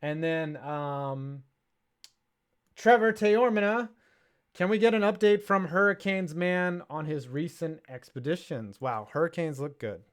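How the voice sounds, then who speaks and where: A man's voice: a little high, a little slow, smooth. A young man co-hosting a sports podcast, casual and sarcastic, reading viewer messages aloud. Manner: jokey, sarcastic, reads viewer chats aloud. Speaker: podcast co-host.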